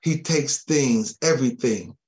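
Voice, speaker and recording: A man preaching a sermon, chuckling often and dropping amens and soft thanks to Jesus between his points. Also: mid-range voice, measured pace.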